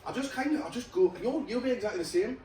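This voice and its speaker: High-voiced swearing man in an echoey room. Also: expressive, quick pace. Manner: rambling, swears a lot, laughs often. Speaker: podcast guest, comedian and impressionist. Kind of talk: casual podcast chat. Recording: echoey room, distant mic, loud chatter behind.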